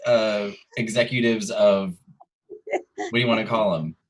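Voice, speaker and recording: A man co-hosting a casual recap podcast, blunt, with quick joking asides. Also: fairly low pitch, fairly even intonation. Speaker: podcast co-host.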